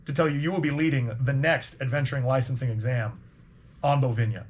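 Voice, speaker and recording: A man voicing a gruff, pompous old birdlike company commander with folksy corporate patter, in a tabletop game. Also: mid-range voice, fairly even intonation, a little fast, a little hiss or hum, close to an everyday voice.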